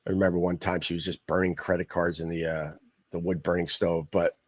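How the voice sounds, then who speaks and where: A man's voice: sits low, flat delivery, a little fast, breathy edge, no echo. A middle-aged man from Long Island who hosts a livestream and chats casually, rambling and blunt. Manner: rambling and blunt, swears freely. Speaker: podcast host.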